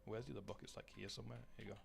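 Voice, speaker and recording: A man's voice: lowish voice, level tone, rapid-fire, gravelly. A man chatting casually to his live-stream audience while gaming, rambling, swearing and greeting viewers by name.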